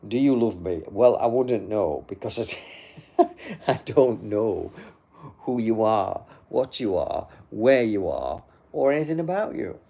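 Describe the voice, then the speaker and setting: Slow gravelly older man. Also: fairly low pitch, lively intonation, warm tone. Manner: dry, rambling and wry. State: sleepy, yawning. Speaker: livestream host. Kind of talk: casual chat answering live comments. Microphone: phone.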